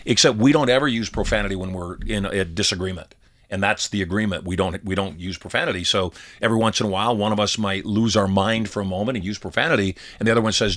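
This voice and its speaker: A middle-aged man with a low voice talks on a podcast. He tells personal stories with a steady delivery and slips into quoted dialogue as he goes. He is recorded on a studio mic. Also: fast. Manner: storytelling, acts out quoted dialogue. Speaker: podcast co-host. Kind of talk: casual podcast conversation.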